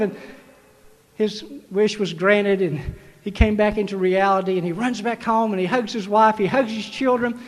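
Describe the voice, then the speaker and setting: Preaching at a commencement, this man urges the graduates on by repeating himself emphatically. His voice is high, his intonation fairly even, and his pace moderate, with a long reverb from the hall trailing each phrase.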